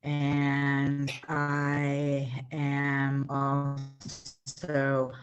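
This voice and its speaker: A woman offering condolences to her grieving cousin, speaking softly and sorrowfully. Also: a bass voice, completely flat delivery, soft background music. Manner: slow, soft and sorrowful. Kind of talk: condolence message.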